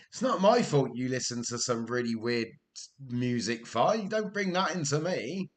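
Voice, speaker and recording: A man chatting casually with his live-stream viewers while playing a game, joking and laughing often. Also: mid-range voice.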